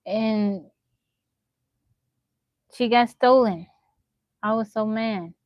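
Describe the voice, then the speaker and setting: A young woman live-streams on her phone, chatting and spinning animated stories for her viewers. The sound is dry and close with a slightly dull, muffled top end. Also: fairly high pitch, drawn-out words, no echo. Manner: animated storytelling, laughing often, talking to chat. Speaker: livestreamer. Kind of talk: casual live-stream chat.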